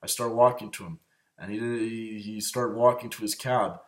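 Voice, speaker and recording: A man's voice: on the low side, fairly even intonation, normal speed. A man ranting in a rambling, agitated way, swearing constantly and repeating himself as he tells of grudges. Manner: profane, agitated, repetitive. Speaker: show host. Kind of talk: rambling personal rant.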